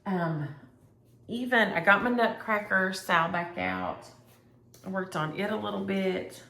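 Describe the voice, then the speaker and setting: A woman's voice: mid-range voice, sing-song, measured pace, vocal fry, bright, forceful tone, echoey room, a little hiss or hum. A woman chatting casually and rambling as she shows her cross-stitch projects to viewers. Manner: chatty, rambling, thinks aloud. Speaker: flosstube host.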